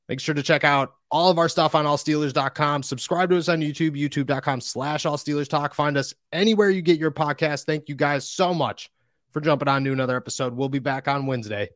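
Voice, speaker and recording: A man's voice: a little high, a little fast, no room sound, clean studio sound. Chatty young man hosting a sports podcast. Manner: loose and chatty, acting out quoted voices. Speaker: podcast host. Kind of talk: casual sports podcast chat.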